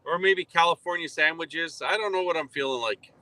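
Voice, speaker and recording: A man's voice: fairly high pitch, a little fast, sharp tone, dry recording. A man calling in live as a contributor, giving laid-back, joking replies. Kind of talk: casual live chat.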